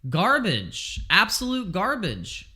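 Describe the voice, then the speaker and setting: Bright-voiced, excitable male crypto streamer. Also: high voice, slow. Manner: excitable, exasperated, swears freely. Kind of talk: casual live stream commentary.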